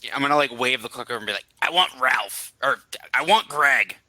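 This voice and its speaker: A man playing in a tabletop game, answering deadpan and in character. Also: mid-range voice, fairly quick, no echo. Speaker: player.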